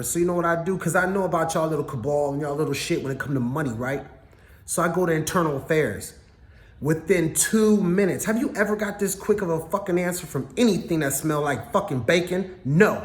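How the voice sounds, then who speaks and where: A man's voice: fairly high pitch, lively intonation, fairly quick. Blunt, profane man ranting in an echoey room. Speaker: vlogger. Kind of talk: personal rant to camera.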